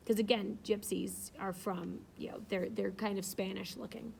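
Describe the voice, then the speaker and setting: A woman's voice: medium pitch, fairly even intonation, normal speed, vocal fry, few pauses, a little mellow, slight background noise. A woman reading a novel aloud and breaking off to explain it in a chatty, casual way.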